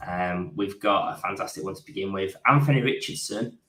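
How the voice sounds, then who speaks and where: An upbeat man co-hosts a podcast in a relaxed, casual way. His voice is low, and his mic picks up a noticeably roomy echo. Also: fairly quick, recorded from a distance, a little hiss or hum. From United Kingdom. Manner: upbeat, introduces guest with praise. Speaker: podcast co-host. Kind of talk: casual chat.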